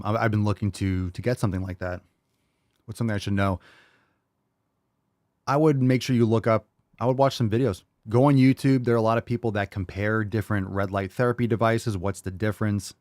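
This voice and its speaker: Hyped-up podcast host, deep and dry. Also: male voice, no echo. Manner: loud hype, swearing, hyped-up energy. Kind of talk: live call-in Q&A.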